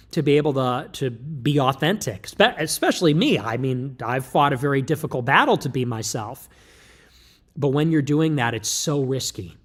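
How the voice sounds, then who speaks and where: Man, livestream monologue, emphatic and lecturing, joking asides, slightly high-pitched. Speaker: livestream commentator.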